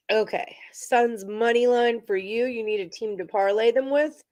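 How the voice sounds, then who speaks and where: A woman's voice: fairly high pitch, moderate pace, few pauses, a little mellow. A woman hosting a casual sports betting livestream, rattling off odds and percentages and chatting with viewers. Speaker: sports betting show host. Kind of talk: casual livestream chat about betting picks.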